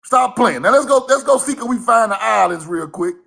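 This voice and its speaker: A man giving a casual, fiery online lecture, cussing freely, repeating himself and shouting key words. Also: very high-pitched, expressive, fairly quick, creaky. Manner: laughs at own points.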